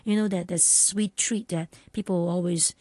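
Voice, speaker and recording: A woman's voice: lowish voice, steady tone, moderate pace, mellow, no echo. A woman in casual conversation, rambling with many fillers and restarts.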